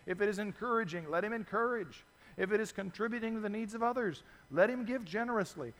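A man preaching a sermon as pastor, telling stories with lively acted-out voices and reading scripture to his congregation. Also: high-pitched, quick pace, in a large hall. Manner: animated storytelling, acts out voices in stories.

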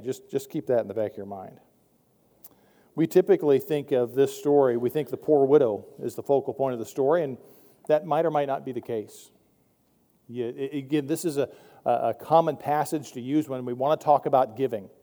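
A man preaches a sermon in a mellow, slightly raised voice, talking in a loose and wry way and often starting sentences over. The voice rings with the long reverb of a large hall. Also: on the high side. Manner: conversational, wry, with frequent restarts. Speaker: pastor.

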